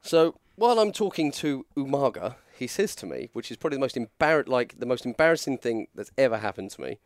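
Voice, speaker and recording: A man's voice: mid-range voice, very animated, brisk, dry recording, studio quality. Man rambling through a story. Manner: rambling, self-mocking, lots of restarts. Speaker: podcast co-host, former wrestler. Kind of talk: casual storytelling chat.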